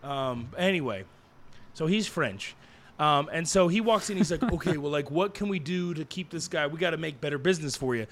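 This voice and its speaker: A man co-hosting a podcast, recapping an anime episode in a rambling, jokey way with lots of fillers and quick put-on character quotes. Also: fairly high pitch, lively intonation, fairly bright tone. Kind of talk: casual chat.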